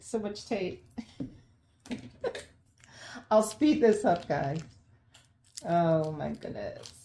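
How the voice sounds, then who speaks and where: A woman unboxing plants in a casual vlog at home, gushing with excitement and laughing often. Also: on the low side, extremely slow, pauses often, roomy sound, a little hiss or hum. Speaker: plant vlogger. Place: home, unpacking at the sink.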